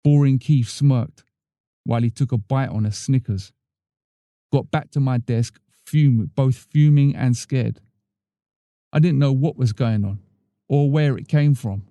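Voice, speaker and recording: A man's voice: medium pitch, unhurried, warm tone, no echo, clean studio sound. A man reading his own first-person story in a wry, plain-spoken way. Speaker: storyteller, podcast host.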